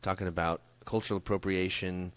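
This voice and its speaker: A man hosting a podcast in relaxed, joking casual chat. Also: low voice, fairly quick, dry recording. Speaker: podcast host. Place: San Francisco area.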